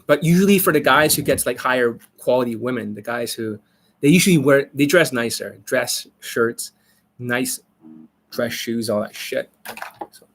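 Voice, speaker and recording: A man's voice: mid-range voice, expressive, moderate pace, fairly bright tone. Blunt, profane man on a live stream. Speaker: dating coach.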